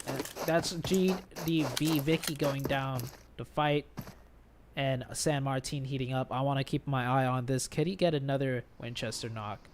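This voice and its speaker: A man casting a mobile shooter tournament play-by-play, excitable, with bursts on big plays, tired from an early start. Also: mid-range voice, normal speed, background noise. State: tired, yawning. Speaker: esports caster. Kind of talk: play-by-play commentary.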